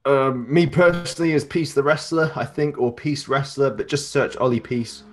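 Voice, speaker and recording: A man talks through a list of upcoming matches in a relaxed podcast chat. He keeps it loose and conversational, dropping frequent fillers as he goes. His voice sits in an ordinary middle pitch. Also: moderate pace, faint music behind. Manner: reels off a match card, loose and chatty with many fillers. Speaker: wrestler and promoter guest.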